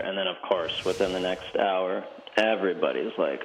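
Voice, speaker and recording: A man's voice: deep voice, moderate pace, few pauses, a bit bright, rough recording. A male former soccer player on a remote line as a radio guest, talking in an easygoing, wry and self-deprecating way. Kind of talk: relaxed interview.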